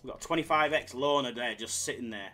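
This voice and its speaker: Hyped-up man, bright tense voice. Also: mid-range voice, fast, soft background music. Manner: jokey, hyped-up banter with chat. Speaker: live slots streamer. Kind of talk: casual live-stream chatter.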